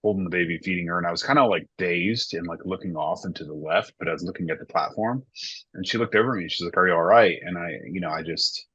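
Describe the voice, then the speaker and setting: A man in his thirties speaks with a low, forceful voice, talking candidly and reflectively as a worship pastor in a casual podcast conversation. His tone is slightly husky. The recording is dull and lo-fi, with a dry sound. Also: quick pace, dry recording.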